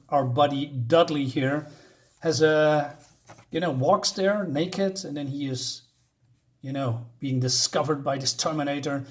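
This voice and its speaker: A man casually reviewing a comic book, rambling with lots of ums and uhs and correcting himself as he goes. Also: fairly high pitch.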